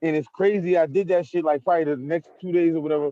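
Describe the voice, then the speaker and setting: Young Brooklyn battle rapper, relaxed street talk, somewhat high voice, dry muffled recording. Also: male voice, fast, dry recording. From Brooklyn, New York. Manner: laid-back street slang, keeps saying "you feel me". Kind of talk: casual interview talk.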